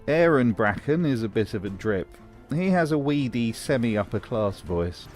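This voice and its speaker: A man's voice: medium pitch, expressive, normal speed, darkish tone, faint music behind. A man giving scripted commentary in a dry, mocking tone. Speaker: video essay host.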